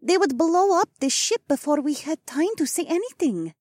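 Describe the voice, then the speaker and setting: A man voicing a female alien who speaks slowly and gravely, with broken grammar. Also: very high-pitched, animated, darkish tone, no room sound, studio quality, pitched above the performer's own voice. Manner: slow, measured, broken grammar. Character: solemn female alien, halting speech.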